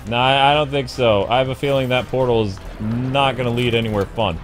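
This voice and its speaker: A man's voice: medium pitch, steady tone, a little fast. A man commenting on his own gameplay with wry, joking asides. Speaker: gaming commentator. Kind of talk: let's-play commentary. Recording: faint game music behind.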